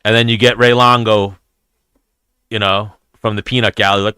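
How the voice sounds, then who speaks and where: A man's voice: lowish voice, normal speed, long pauses, clean tone, no echo, studio quality. A man hosting a podcast, telling casual stories, swearing freely and acting out what others said. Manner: profane, animated storyteller acting out quotes. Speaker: podcast host. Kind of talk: casual storytelling chat.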